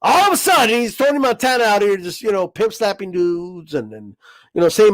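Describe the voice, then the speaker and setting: High-voiced man ranting, dry sound. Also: animated, brisk, dry recording. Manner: profane, rambling, keeps asking "you know what I mean". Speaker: boxing livestream host. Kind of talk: casual rant.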